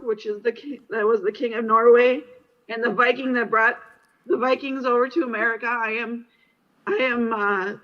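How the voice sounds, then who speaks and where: A woman giving an emotional testimony at a conference, hesitant with many fillers. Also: on the high side. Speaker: conference attendee speaking on stage. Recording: muffled archive audio.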